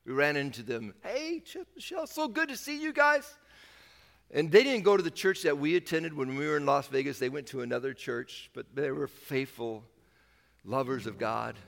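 A man in his fifties preaching a sermon as pastor, animated and acting out bits of dialogue in bursts. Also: a little high. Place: church sanctuary. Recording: church hall reverb with faint music.

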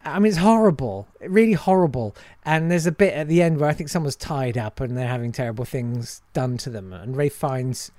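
A man's voice: mid-range voice, fairly quick, hardly any pauses, darkish tone, no room sound. A man, a comedian and impressionist, chatting casually and self-deprecatingly in an interview.

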